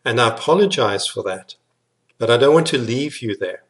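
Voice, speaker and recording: A man's voice: mid-range voice, expressive, normal speed. A man preaching a sermon in an earnest, emphatic way, often repeating words for weight. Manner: earnest, repetitive emphatic phrasing.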